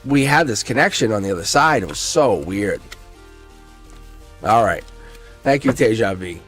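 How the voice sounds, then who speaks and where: A man hosting a casual live-stream tarot reading, excitable, laughing often and swearing freely. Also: fairly low pitch, normal speed, soft background music.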